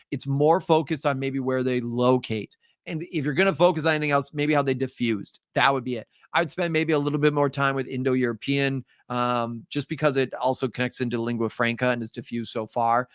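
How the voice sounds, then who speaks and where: A man's voice: medium pitch, steady tone, fairly quick, no echo, studio quality. A man with a Midwestern accent, a teacher giving a chatty, upbeat live-streamed exam review with frequent ums. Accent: Midwestern American.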